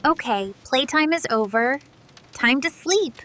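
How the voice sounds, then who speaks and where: A woman's voice: high voice, lively intonation, a little slow. A woman as a soothing storybook mother. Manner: soft, soothing and reassuring. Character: gentle loving mother comforting her scared son. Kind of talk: storybook acting. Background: music.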